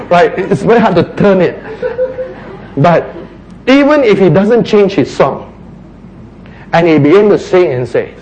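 A man preaching a sermon, acting out quotes, sometimes shouting and then dropping to a hush. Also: sits high, unhurried, long pauses, slight background noise, rough recording. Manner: animated, acts out quotes, shouts and drops to a hush.

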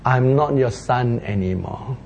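A humbled, penniless son speaks low and quietly, a husky murmur that drops below the speaker's usual voice, as a preacher acts him out. His slow words plead for mercy. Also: highs cut off. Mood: humble. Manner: soft, low, subdued murmuring.

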